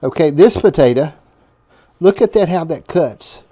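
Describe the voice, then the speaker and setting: A man with a fairly high, mellow voice hosts a casual home cooking vlog. He rambles in a folksy way and drops chuckling asides. His delivery swings widely in pitch. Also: lively intonation, unhurried, breathy edge. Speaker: home cooking show host.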